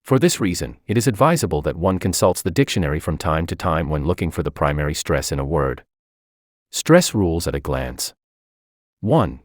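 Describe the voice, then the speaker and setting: A man's voice: low-pitched, no room sound, studio quality. A man reading a scripted English exam tutorial, listing stress rules and examples one after another. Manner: reads rules and examples in a lively, up-and-down cadence.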